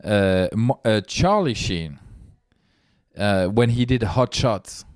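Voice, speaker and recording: A man's voice: on the low side, slow pace, darkish tone. A man with a French accent, a guest joining a casual podcast chat and joking along. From France.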